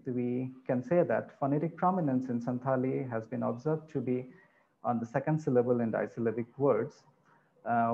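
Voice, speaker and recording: A man giving an academic conference presentation, pausing often with fillers. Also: medium pitch, gravelly, mellow. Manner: halting, frequent filler pauses. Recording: dull lo-fi recording, faint noise.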